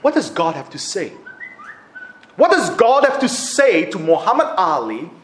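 A man's voice: sits high, unhurried. A man preaching a sermon, acting out quotes with laughs. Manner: animated, acts out quotes with laughs. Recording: echoey room.

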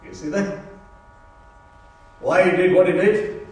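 Male pastor, high voice, slow repeated emphasis, heard from afar in a very roomy church. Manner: emphatic, repeats key phrases, drops to hushed tones. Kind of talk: Good Friday sermon. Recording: roomy church sound from a distance.

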